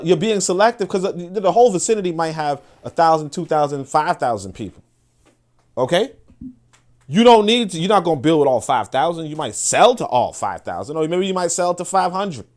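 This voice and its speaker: A man's voice: medium pitch, a little mellow. A man, hosting a podcast in a blunt, profane, casual monologue that often restarts and repeats words. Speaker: podcast host.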